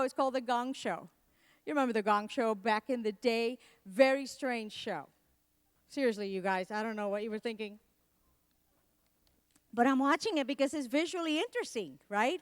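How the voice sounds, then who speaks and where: A woman's voice: on the high side, clear, resonant tone, no echo, studio quality. A middle-aged woman from Puerto Rico, a native Spanish speaker with a Puerto Rican accent, giving a comedic motivational keynote with playful, self-mocking storytelling. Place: event hall.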